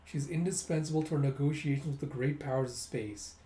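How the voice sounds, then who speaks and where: A man voicing a calm, confident male leader who lays out his plans in a measured way, barely changing his own voice. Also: fairly high pitch, lightly acted. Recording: roomy echo.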